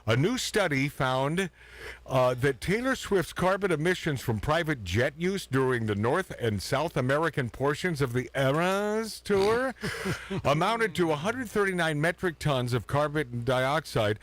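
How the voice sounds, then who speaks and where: A man's voice: fairly high pitch, animated, measured pace, a bit bright. Sarcastic man hosting talk radio. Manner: sarcastic, laughs at his own jokes. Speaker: radio show host. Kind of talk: casual banter on talk radio.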